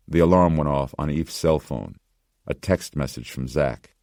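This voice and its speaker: A man narrating an audiobook in measured, steady scripted narration. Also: a bass voice, dry recording, studio quality.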